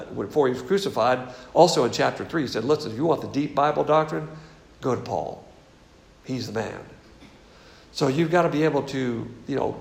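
A man's voice: on the high side, gravelly, reverberant. A man with a Southern US accent teaching the Bible in a folksy, conversational sermon with asides.

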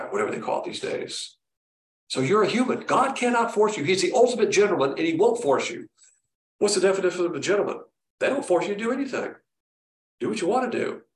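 Man, preacher, sermon, rhetorical questions, echoey room, distant mic. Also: on the high side. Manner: plainspoken, rhetorical questions, acts out quotes. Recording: roomy echo, distant mic.

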